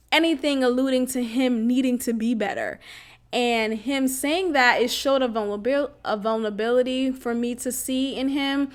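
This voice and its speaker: A young woman hosting a podcast tells a personal story bluntly and casually, using slang and laughing often. Her voice sits high with a bit of brightness.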